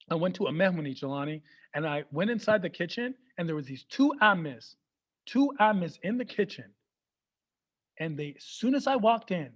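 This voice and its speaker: Fast-talking high-voiced male comedian. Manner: fast, animated storytelling mixing two languages. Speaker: stand-up comedian. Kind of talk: stand-up comedy over video call. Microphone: computer mic for a video call.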